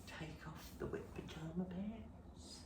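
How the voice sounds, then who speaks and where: A man's voice: high-pitched, takes it slowly, noisy background. Australian man telling a sweary story. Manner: swearing, jumps between whispers and shouts. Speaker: stand-up comedian. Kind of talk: stand-up storytelling rehearsal. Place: room at home. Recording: echoey room, distant mic.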